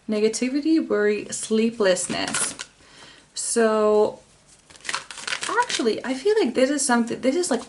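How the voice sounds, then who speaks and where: A woman's voice: medium pitch, noisy background. Rambling woman giving a tarot reading. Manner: rambling, with many fillers and restarts. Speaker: tarot reader. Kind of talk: casual tarot reading to camera.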